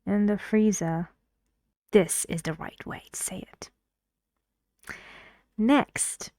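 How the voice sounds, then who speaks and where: A woman's voice: medium pitch, slow, warm tone, no room sound, whispered, studio quality. A woman teaching English pronunciation, patiently drilling words and repeating them for emphasis. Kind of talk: language lesson.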